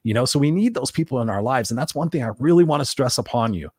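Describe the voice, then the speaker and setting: A middle-aged man speaks quickly in an unscripted solo podcast. His delivery is blunt and emphatic, with free swearing and repeated phrases for stress. The recording is dry and close, with no room sound. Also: medium pitch, lively intonation, darkish tone, breathy edge, no room sound. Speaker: podcast host and coach.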